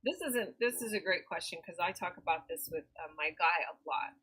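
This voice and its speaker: A woman's voice: on the low side, animated, brisk, bright, forceful tone, slight background noise, rough recording. A woman guest on a podcast, talking candidly and emphatically in long, casual runs.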